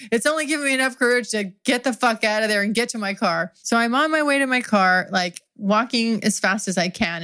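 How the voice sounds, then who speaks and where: A woman's voice: medium pitch, a bit bright. A woman hosting an adult podcast, telling an improvised first-person story in a candid, profane way and laughing often as she goes.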